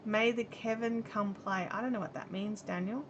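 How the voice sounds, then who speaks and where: A woman's voice: medium pitch, fairly even intonation, normal speed, dull audio, slight background noise. A middle-aged Australian woman hosting a live stream at home, chatting in a rambling way and reading viewer comments aloud while she crochets. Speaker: livestream host. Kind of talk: casual chat while crocheting. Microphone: camera mic on a live stream.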